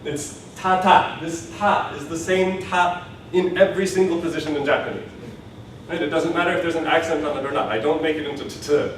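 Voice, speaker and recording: A man's voice: fairly high pitch, fairly even intonation, fast, far from the mic, a little hiss or hum. Male teacher, patient explainer, recorded from across a very echoey classroom. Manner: explains patiently, models words for repetition, laughs now and then. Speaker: Japanese language teacher. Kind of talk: classroom lecture.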